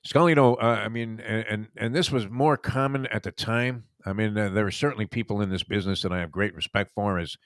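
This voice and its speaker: A man's voice: lowish voice, fairly quick, few pauses, a bit bright, clear, resonant tone, dry recording, studio quality. A man from Brooklyn, hosting a casual sports talk show and telling long, rambling stories. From Brooklyn, New York. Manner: rambling, reminiscing storyteller. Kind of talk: casual sports radio chat.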